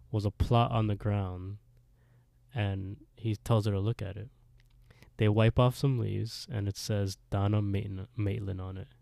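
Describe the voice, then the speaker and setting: Here a creaky, lowish male voice with no echo recaps a TV episode as a podcast co-host. It's casual chat full of quoted dialogue; he animatedly jumps between characters' lines and laughs a lot.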